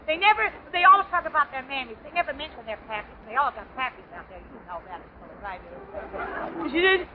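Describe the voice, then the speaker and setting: Very high-voiced brassy wisecracking woman. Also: lively intonation, a little hiss or hum. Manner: brassy wisecracking, quick asides and laughs. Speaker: comedian guest. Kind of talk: 1930s radio comedy monologue. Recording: dull 1930s radio broadcast recording.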